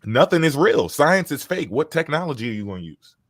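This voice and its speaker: A man's voice: fairly high pitch, very animated, fairly quick, fairly bright tone, no echo, studio quality. A man in casual chat, mocking and heated as he rants, with frequent swearing. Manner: profane.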